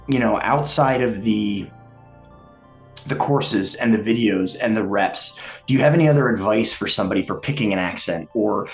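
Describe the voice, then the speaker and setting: A man's voice: lowish voice, vocal fry. A man hosting a casual talk show, asking a question with hesitant fillers in an echoey room.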